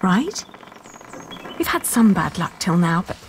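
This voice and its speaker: A woman's voice: fairly low pitch, big pitch swings, unhurried, slight background noise. An actress playing a resourceful young noblewoman who talks in an earnest, persuasive and reassuring way in a video game. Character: young noblewoman, resourceful and determined older sister.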